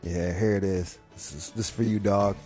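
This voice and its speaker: A man's voice: low-pitched, fairly even intonation, normal speed, faint music behind. A man hosting a radio show, riffing in a crude, profanity-laden, joking way. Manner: profane, loud, laughing. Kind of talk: crude comedic radio banter.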